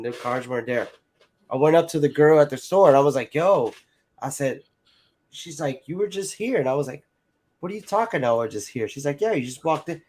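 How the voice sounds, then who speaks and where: A man's voice: mid-range voice, a little mellow. A man telling a personal story in casual chat, rambling, swearing and acting out other people's lines. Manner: rambling, full of "like" and "you know", swears freely.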